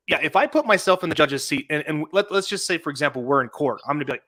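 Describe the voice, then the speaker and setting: A man hosting a casual podcast talk about a legal case, animated and laughing often, with many restarts. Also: fairly high pitch, rapid-fire, few pauses, dry recording, studio quality. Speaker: podcast host.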